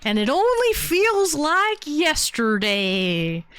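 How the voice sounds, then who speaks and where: A woman's voice: high-pitched, huge pitch swings, slow pace, fairly bright tone, dry recording. A woman hosting a livestream call-in, talking in a bubbly, chatty way with lots of fillers. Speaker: streamer host. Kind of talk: casual livestream chat.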